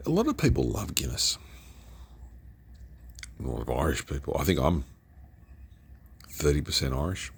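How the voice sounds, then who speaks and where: Gravelly deep-voiced Australian man. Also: huge pitch swings, normal speed, long pauses. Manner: chatty, rambling, trails into whispers. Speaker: beer reviewer. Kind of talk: casual beer review vlog.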